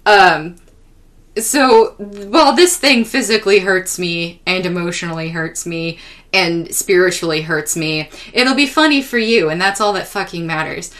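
A woman's voice: lowish voice, a little slow. Young woman, podcast host, profane and exasperated comic storyteller. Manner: exasperated, profane, animated retelling. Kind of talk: casual comedic storytelling.

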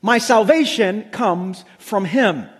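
A man preaching a sermon as pastor, emphatic, slowing and dropping low when he reads scripture. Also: animated. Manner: emphatic, slows down and drops low for scripture lines. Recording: long reverb of a large hall.

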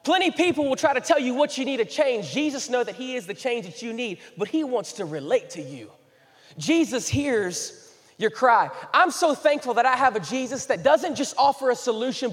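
A man's voice: high-pitched, long reverb tail. A young man, preaching a sermon as a pastor, moving between jokes and earnest pleading. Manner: animated, joking then earnest and pleading.

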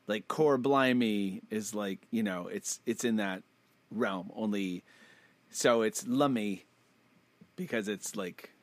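A man co-hosting a casual podcast, chatty and quick to laugh. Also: fairly low pitch, dry recording. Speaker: podcast co-host. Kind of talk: casual chat.

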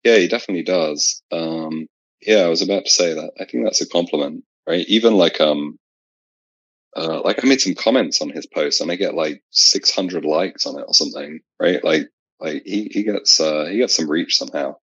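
A British man chatting casually as a podcast guest about strongman lifting, pausing often with fillers. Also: sits low, fairly bright tone, breathy edge, no echo, dull audio. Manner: hesitant, many fillers. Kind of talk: casual chat.

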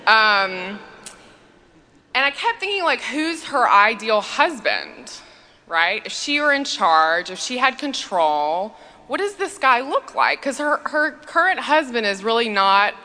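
A woman priest tells funny stories in a chatty way, full of ums. Her tone is bright and edged. A long church reverb trails behind her voice. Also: fairly high pitch, a little hiss or hum. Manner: chatty comic storytelling, frequent fillers. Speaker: priest and speaker. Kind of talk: humorous conference talk.

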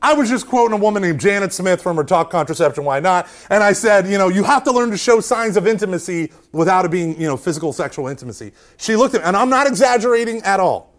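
Animated high-voiced man telling stories. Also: fast, hardly any pauses. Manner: animated, joking, self-deprecating. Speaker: Catholic speaker. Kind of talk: storytelling talk to an audience.

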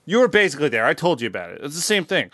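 A man's voice: a little high, big pitch swings, racing, bright, forceful tone. A man co-hosting a podcast, throwing in crude wisecracks during casual banter. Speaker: podcast co-host.

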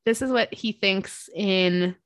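A woman's voice: medium pitch, slow pace, no echo. Gushing woman in a dry, close recording. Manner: gushing, excitable, many fillers. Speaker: book podcast co-host. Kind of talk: casual book discussion.

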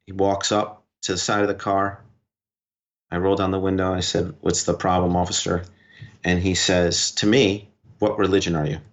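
A man telling a personal story as a podcast guest, in quick short bursts that quote back and forth what was said. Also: low-pitched, flat delivery. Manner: recounts events in quick short bursts, quoting dialogue. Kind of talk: conversational storytelling. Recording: dull lo-fi recording.

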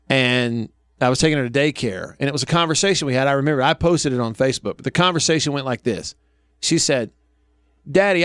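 A man's voice: medium pitch, smooth, no room sound, clean studio sound. A man in his thirties hosting a radio talk show, telling folksy family stories and laughing often.

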